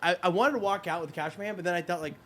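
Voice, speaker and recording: Young male podcast co-host, rapid storyteller, slightly high voice, acts out the quotes. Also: a little hiss or hum. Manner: fast, animated storyteller acting out quotes. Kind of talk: casual storytelling chat.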